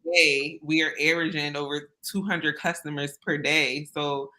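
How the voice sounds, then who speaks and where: A woman's voice: low voice, fairly even intonation, moderate pace, bright, forceful tone, low-quality recording. A woman guest telling her own story in an interview, earnest and candid with casual phrasing. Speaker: interview guest, business owner. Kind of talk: personal storytelling in conversation.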